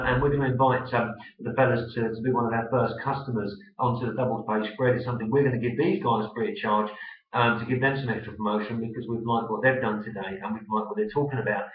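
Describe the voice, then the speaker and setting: Chatty Essex man hosting. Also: medium pitch. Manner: chatty, rambling with many fillers. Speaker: host. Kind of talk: business web show interview. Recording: echoey, distant, dull web-video sound.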